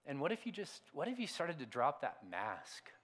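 A middle-aged man delivers a sermon in a fairly high, lively voice. He tells stories with sudden loud outbursts and then drops to hushed, quiet lines. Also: normal speed, husky. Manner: animated storytelling, swings from loud outbursts to hushed asides. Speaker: pastor.

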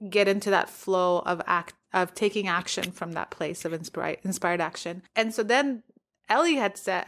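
A woman co-hosting a podcast, telling a story in casual chat, laughing often and acting out what people said. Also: medium pitch. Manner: animated storyteller, laughs often, acts out quotes. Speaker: podcast co-host.

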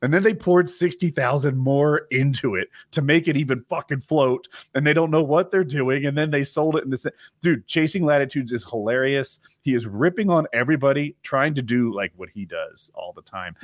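A man's voice: mid-range voice, moderate pace, dry recording, clean studio sound. A man in casual chat who rambles, swears and laughs often, acting as a podcast co-host.

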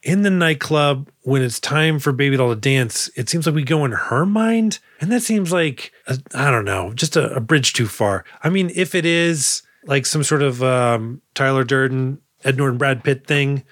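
A man co-hosting a movie podcast in casual chat, rambling with plenty of fillers and swearing. His voice sits at an ordinary middle pitch. It is recorded close and dry, with no room sound. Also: expressive, moderate pace, few pauses, fairly bright tone, dry recording. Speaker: podcast co-host.

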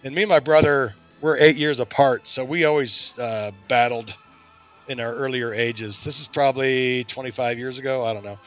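A man's voice: medium pitch, moderate pace, dull audio, faint music behind. A man hosting a podcast, telling a long story in casual chat and acting out the voices of the people in it. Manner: animated, acts out quoted voices in his stories. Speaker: podcast host.

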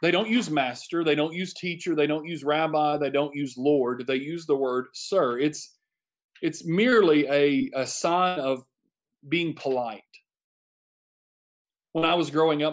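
Emphatic preacher man, slightly high voice. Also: normal speed. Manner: emphatic, repeats phrases for effect. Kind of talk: sermon.

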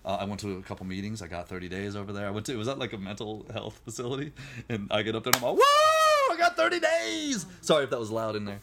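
A man's voice: on the low side, very noisy. A middle-aged man, a musician guest on a podcast, telling his recovery story candidly and acting out the voices of people he met. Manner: rapid, animated, acts out quoted voices.

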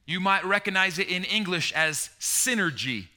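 Male preacher, sermon, high pitch, very bright and forceful tone, passionate, loud then hushed. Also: animated, normal speed. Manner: passionate, swinging between loud emphasis and hushed tones.

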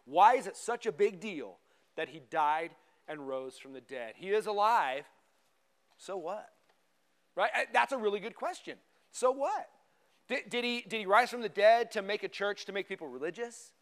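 A man in his forties preaching a sermon in a church, animated and conversational, full of rhetorical questions. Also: high-pitched, clear, resonant tone. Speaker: pastor. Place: church sanctuary.

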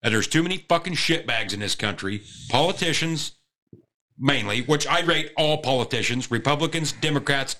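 A man's voice: mid-range voice, expressive, moderate pace, pushed and bright. A man, a farmer, ranting bluntly and profanely in a casual podcast chat.

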